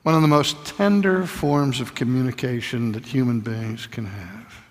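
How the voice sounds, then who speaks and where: An older man preaching a sermon lecture, telling stories and dropping to a hushed voice on tender points. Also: mid-range voice, moderate pace. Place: lecture hall. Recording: long hall reverb.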